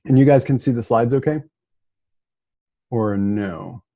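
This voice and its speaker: A man from Minnesota giving a relaxed, casual lecture remotely, with plenty of fillers and restarts. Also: mid-range voice, measured pace, dry recording.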